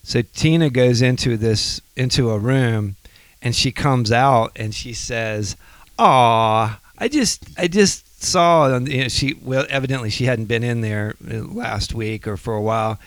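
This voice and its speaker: A man's voice: mid-range voice, fairly even intonation, a little slow, no room sound. A man co-hosting a casual faith podcast, a chatty storyteller who laughs easily. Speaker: podcast co-host.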